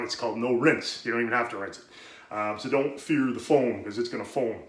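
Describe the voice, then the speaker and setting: A man's voice: medium pitch, fairly quick. A man hosting a home brewing video, giving a casual how-to demonstration in a rambling, profane way and talking himself out of breath. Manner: rambling, profane, self-interrupting. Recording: roomy echoey room, faint noise.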